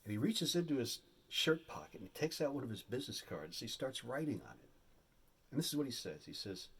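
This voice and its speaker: A man telling a comic story on stage, with an animated, exaggerated delivery. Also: mid-range voice, brisk, slightly rough. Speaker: stand-up comedian. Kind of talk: stand-up storytelling.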